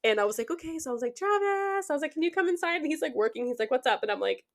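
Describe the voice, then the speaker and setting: A young adult woman co-hosting a casual podcast chat, telling stories with lively re-enacted quotes. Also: rapid-fire, gravelly. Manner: animated storytelling, acts out quotes with big pitch jumps. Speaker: podcast co-host.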